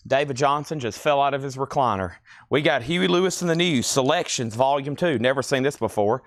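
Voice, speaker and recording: Speaking at a medium pitch, this host runs a record store sale on a live stream, chatting easily while listing albums, what they cost and who bought them. There's no echo, and the sound is studio clean.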